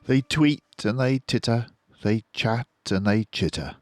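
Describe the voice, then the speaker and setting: An older man reading a children's picture book aloud in a lively, rhythmic storyteller's way. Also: medium pitch, unhurried, soft background music. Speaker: storybook reader.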